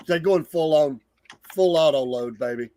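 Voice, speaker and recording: A man's voice: on the high side, moderate pace. A man co-hosting a morning show, chatting casually and joking, often repeating his words as he goes. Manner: relaxed, joshing, repeats words.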